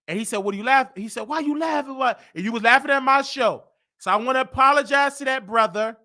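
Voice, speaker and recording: With a Southern US accent and a high voice, a man hosts a comedic live-stream rant. He's loud and teasing, breaking into laughter and mock voices.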